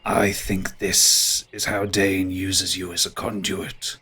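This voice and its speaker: An ancient tree spirit rumbles out each word with great patience, a little below ordinary pitch, as a man puts him on. He is slow, solemn and weighty, speaking from a tabletop fantasy game. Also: level tone, bright, forceful tone, slight background noise, heavily acted. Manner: slow, measured, solemn delivery.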